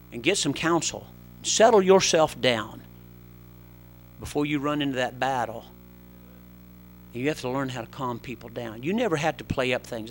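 A middle-aged man preaching a sermon, swinging between loud, urgent exhortation and quieter, conversational asides. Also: medium pitch, slight background noise.

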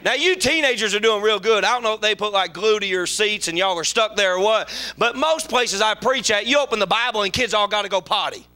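Male preacher in his 40s, high and bright voice, lively sermon, acts out voices, shouts for emphasis. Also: a little fast, few pauses, smooth. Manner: animated, shifts into voices for biblical characters and complainers.

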